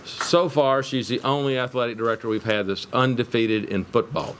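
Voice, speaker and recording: Middle-aged male chancellor at the press podium, measured and formal, mid-pitched, faint noise behind. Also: steady tone, crowd noise. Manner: measured, formal, with light humor. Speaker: university chancellor. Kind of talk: formal introduction at a press conference.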